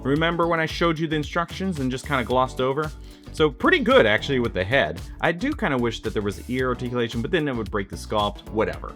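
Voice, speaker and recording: A man's voice: mid-range voice, fairly bright tone. A man casually reviewing an action figure, chatty and self-mocking, breaking into exclamations. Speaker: toy reviewer.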